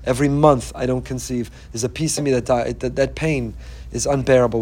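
A man's voice: mid-range voice, steady tone, brisk, a little mellow. A man giving an inspirational Torah talk, telling stories earnestly and emphatically, often repeating phrases for weight. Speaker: Torah teacher.

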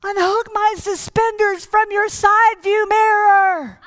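A woman's voice: very high-pitched, fairly even intonation, slow, a bit bright, dry recording, studio quality, pitched above the performer's own voice, full character voice. A woman voicing a sly ninety-year-old man on a moped, delivering a joke's punchline dryly. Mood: deadpan.

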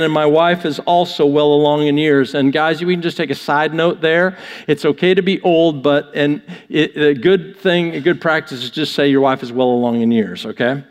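A man's voice: high voice, big-room sound. A man preaching a sermon, reading scripture aloud and then riffing on it in a conversational, joking way. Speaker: pastor.

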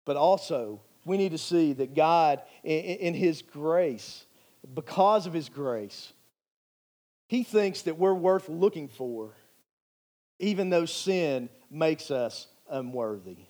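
A man's voice: fairly high pitch, expressive, takes it slowly, dark tone. A male pastor preaching a sermon in an earnest, emphatic way, repeating phrases for emphasis.

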